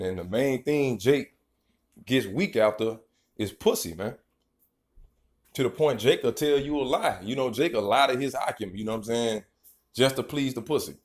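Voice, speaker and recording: Speaking in a lowish, darkish voice, a male street preacher reads out scripture verses and then riffs on them. His informal, profane sermon is rambling and emphatic, with "man" tagged onto line after line.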